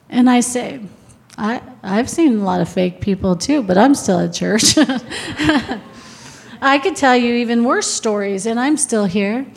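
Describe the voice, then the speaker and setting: Woman preacher, middle-aged, higher voice, unhurried delivery, emphatic exhortations, chatty anecdotes. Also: creaky. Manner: emphatic, rising to near-shouts on exhortations; conversational storytelling with laughter. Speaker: women's ministry speaker. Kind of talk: sermon.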